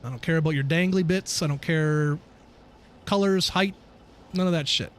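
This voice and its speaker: A man streaming a game and chatting casually with viewers, animated and profane, ranting between laughs. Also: fairly high pitch, moderate pace. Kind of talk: casual livestream chat while gaming.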